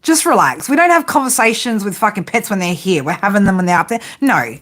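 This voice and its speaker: A woman's voice: mid-range voice, big pitch swings, fast, a bit bright. A woman giving a casual tarot reading, blunt and profane, often breaking into laughter. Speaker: tarot reader.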